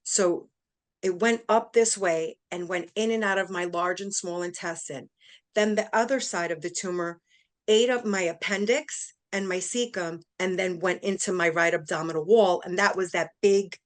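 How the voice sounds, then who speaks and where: A woman's voice: fairly low pitch, moderate pace. Middle-aged woman, interview guest, emotional first-person storytelling, performs quoted voices.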